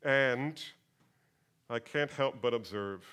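A man preaches with a bright, ringing tone that sits a little above the usual male range. He drops to a near hush when musing, then swells and stretches his words when he recites scripture aloud. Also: moderate pace. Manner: swings from hushed to booming when reciting scripture; addresses listeners as beloved. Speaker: pastor. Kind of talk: sermon.

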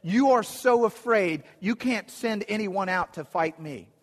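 A man's voice: high voice, a little slow, a bit bright, in a large hall. A man retelling a story, voicing a boastful giant male warrior who taunts his enemies. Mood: taunting. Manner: taunting, defiant.

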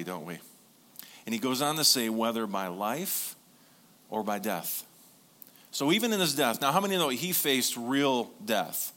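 A man preaching as pastor, telling stories and calling on his congregation to respond. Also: medium pitch. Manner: lively storytelling with congregation call-and-response. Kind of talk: sermon.

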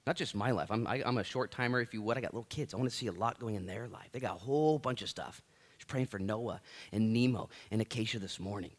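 A man's voice: on the low side, fast talker. A man in his thirties preaching a sermon as pastor, joking and self-deprecating, with many restarts.

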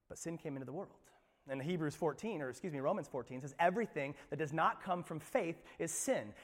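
A male pastor preaching a sermon, animated, swinging between loud emphasis and hushed asides. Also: fairly high pitch, big-room sound.

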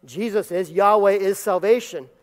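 Brief: male pastor, emphatic sermon delivery, high voice, long church reverb. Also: moderate pace. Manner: emphatic, building to loud peaks. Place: church sanctuary.

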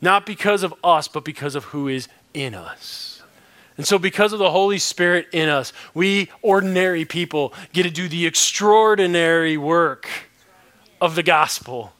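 Brief: male preacher, slightly high voice, bright and forceful, punchy repetitions, jokey asides. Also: moderate pace. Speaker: pastor. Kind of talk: sermon.

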